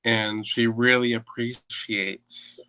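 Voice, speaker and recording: Bright-toned playful man co-host. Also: medium pitch, slow pace, clean tone, dry recording, low-quality recording. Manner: playful, animated teasing. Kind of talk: casual chat.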